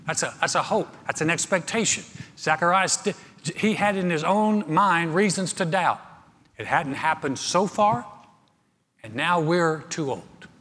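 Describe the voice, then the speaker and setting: A man preaching in a storytelling, humorous way, often repeating words. His voice is fairly high for a man. A long reverb trails his voice, as if in a large church. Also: expressive, measured pace, a bit bright, a little hiss or hum. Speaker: pastor. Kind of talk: sermon.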